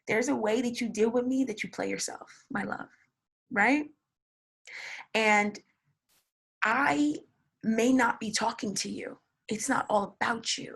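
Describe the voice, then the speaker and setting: A woman's voice: on the high side, vocal fry, a bit bright, slightly rough. A young woman giving a casual tarot reading, blunt and swearing, repeating words for emphasis. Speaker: tarot reader.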